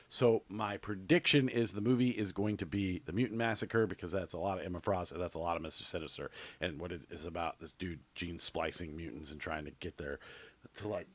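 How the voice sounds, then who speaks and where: A man co-hosting a podcast in casual chat, rambling and offhand with lots of fillers and restarts. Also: low voice. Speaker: podcast co-host.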